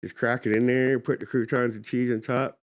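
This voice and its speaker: A man's voice: medium pitch, flat delivery, moderate pace. A man, a chef, chatting casually on a podcast, laid-back, laughing often and swearing casually.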